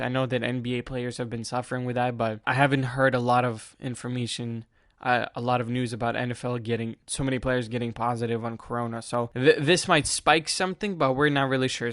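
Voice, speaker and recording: A man's voice: medium pitch, fairly bright tone, clean tone, no room sound, studio quality. A man hosting a casual solo sports podcast, rambling and chatty, often laughing at himself. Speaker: podcast host.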